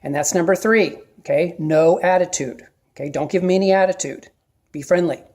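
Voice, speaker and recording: A middle-aged man giving casual, plain-spoken advice to viewers, often checking in with a quick "okay?". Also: sits high, darkish tone. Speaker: video host giving advice. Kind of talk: casual instructional talk to camera.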